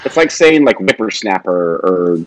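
A man co-hosting a casual wrestling recap podcast, animated and self-mocking, his voice jumping up in pitch when something amuses him. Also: normal speed, dry recording, low-quality recording. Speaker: podcast co-host. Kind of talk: casual chat.

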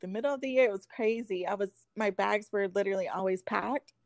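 A young woman in her twenties, a podcast guest, chatting casually and acting out her stories with lively quoted voices. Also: mid-range voice, fast, no room sound. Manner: animated storyteller acting out quotes, giggly. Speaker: podcast guest, former pro cheerleader. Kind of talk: casual chat.

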